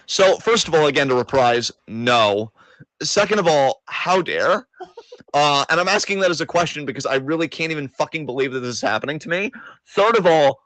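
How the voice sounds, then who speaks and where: A man's voice: on the high side, a bit bright, no room sound, poor audio. A man co-hosting a wrestling podcast, ranting in a casual, sarcastic, exasperated way and swearing often. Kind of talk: casual profane wrestling rant.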